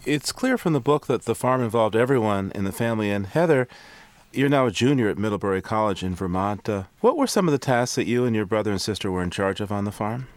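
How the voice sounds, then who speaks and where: Radio host: man, measured and steady, slightly low pitch. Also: no echo. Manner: calm, measured questioning. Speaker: radio interviewer. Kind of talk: radio interview.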